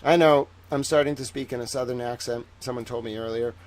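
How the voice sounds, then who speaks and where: A young man hosting a livestream, talking casually in a chatty, rambling way that turns animated when he is indignant. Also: medium pitch, fairly quick. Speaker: livestream host.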